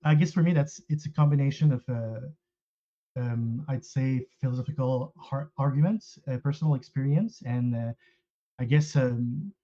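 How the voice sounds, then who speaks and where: A man's voice: mid-range voice, normal speed, dark tone. A man in his thirties with a French Canadian accent, a native French speaker, calling in and talking hesitantly with many fillers. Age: 30s. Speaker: caller. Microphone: call-in audio. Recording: dull lo-fi call audio.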